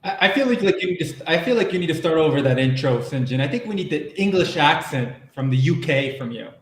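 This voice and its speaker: A man's voice: a little high, lively intonation, fast talker. A man on a panel chatting in a laid-back, teasing way. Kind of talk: casual chat. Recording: echoey room, faint noise.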